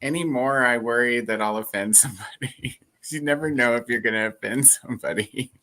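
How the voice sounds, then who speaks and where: A man chats over a video call in a relaxed, easygoing way. His voice has a bright, forward edge and sits at a middle pitch. He laughs often and pauses on fillers. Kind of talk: casual chat.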